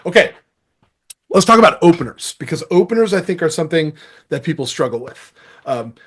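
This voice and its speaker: A middle-aged man giving a sales masterclass, energetic and acting out sample phone calls as he teaches. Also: on the high side, brisk, breathy edge. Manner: energetic, acts out calls and quotes. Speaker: sales trainer. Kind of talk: masterclass talk.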